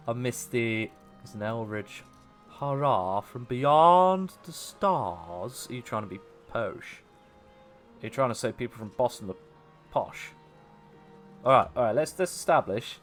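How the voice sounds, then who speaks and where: Animated man chatting on stream. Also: mid-range voice. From English Midlands. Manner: chatty, laughs often, reads and answers chat aloud. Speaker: livestream host. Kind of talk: casual gaming livestream chat.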